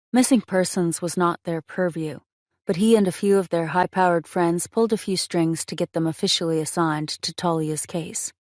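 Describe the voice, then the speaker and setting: Woman, audiobook narrator, low voice, expressive measured reading, dry close recording. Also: dry recording.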